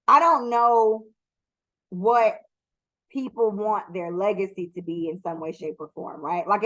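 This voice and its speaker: A woman's voice: fairly low pitch, low-quality recording. Blunt, profane woman podcast host. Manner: blunt, profane, rambling with many ums. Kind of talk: casual solo commentary.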